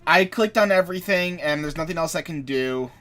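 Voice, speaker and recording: A man's voice: fairly high pitch, fairly quick, a bit bright. A man giving casual commentary as he plays a game, rambling and correcting himself as he goes. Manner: rambling, self-correcting asides. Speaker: let's player.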